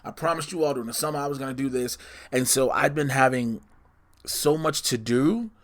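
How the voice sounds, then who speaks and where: A man's voice: medium pitch, brisk. A man hosting a solo podcast, chatting casually and in a scattered way. He often corrects himself and teases his listeners with spoilers. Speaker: podcast host.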